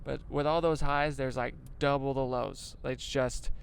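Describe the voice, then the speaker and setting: Inside a moving van, a young comedian rambles through a casual driving vlog, swearing and cracking self-deprecating jokes. His mid-range voice is gravelly yet smooth, with a flat delivery at a measured pace.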